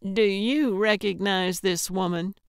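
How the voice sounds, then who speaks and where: A perky old lady sleuth, as a woman reads her, cheeky and bright in spirit. She talks slowly in a smooth, crisp voice, recorded close and dry. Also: mid-range voice, no echo. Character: chipper older woman amateur sleuth.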